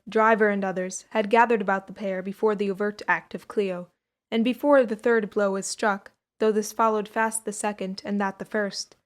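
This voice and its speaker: A young woman narrating an audiobook of a 19th-century adventure tale. She reads at a measured pace in a clear, mid-pitched voice, keeping the storytelling steady. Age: young adult. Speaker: audiobook reader.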